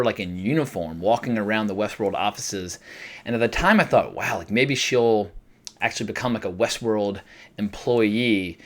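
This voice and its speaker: A man's voice: on the low side, a bit bright. A man casually reviewing a TV episode, chatty and self-deprecating, with frequent fillers and restarts. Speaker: TV review vlogger.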